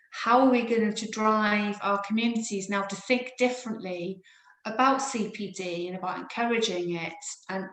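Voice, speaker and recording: Woman, therapist and trainer, reflective panel talk with restarts, mid-pitched, echoey room. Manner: reflective, searching, with many restarts. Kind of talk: panel discussion.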